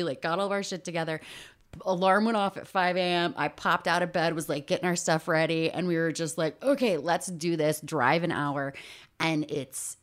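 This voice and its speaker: Low-voiced woman telling a lively story. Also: a little fast. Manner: animated storytelling, swears freely, acts out quoted dialogue. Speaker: podcast co-host. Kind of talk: casual chat.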